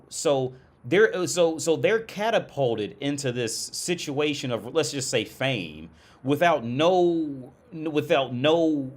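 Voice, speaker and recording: A man at a middle pitch, talking off the cuff as a livestream host. He speaks bluntly and crudely and rambles, often breaking off and starting his sentences again. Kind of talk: casual commentary on clips.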